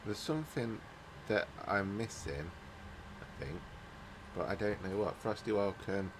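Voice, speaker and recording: A man with a low, deep voice talks through a game as he plays, hesitating and thinking out loud. He sounds groggy, as if he just woke from a nap, and hiccups and burps now and then. A faint hiss sits under the recording. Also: a little slow. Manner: rambling, hesitant, thinking aloud. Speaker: gaming YouTuber. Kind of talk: casual let's-play commentary. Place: at home, recording without a camera.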